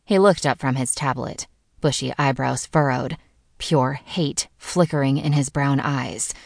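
Low, gravelly woman narrating a story. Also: unhurried, dry recording, studio quality. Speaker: audiobook narrator. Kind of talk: first-person scripted narration.

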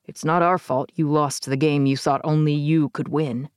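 A woman reading an audiobook, voicing a calm, blunt male minion who speaks evenly and never rises to anger. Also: low voice, moderate pace, clear, resonant tone, no echo, clean studio sound, voice pushed down, natural voice. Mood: deadpan. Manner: even, deadpan, unruffled. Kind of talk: audiobook character voice.

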